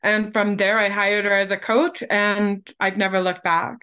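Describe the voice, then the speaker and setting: A woman in her forties speaks as a guest in an interview. She tells her own story candidly and with animation, and she is quick to laugh. Her voice sits at an ordinary pitch for a woman. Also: flat delivery, sharp tone, smooth. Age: 40s.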